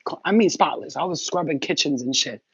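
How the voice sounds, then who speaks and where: A woman's voice: low voice, lively intonation, brisk, a bit bright, husky, no room sound. A woman doing a spiritual reading, talking in a casual livestream chat that is blunt, profane and rambling. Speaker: spiritual reader. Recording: dull lo-fi, dry.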